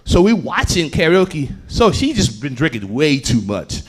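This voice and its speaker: A man telling a story on a comedy club stage, swinging between loud bursts and low asides. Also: sing-song, unhurried, husky. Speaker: stand-up comedian. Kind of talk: stand-up storytelling.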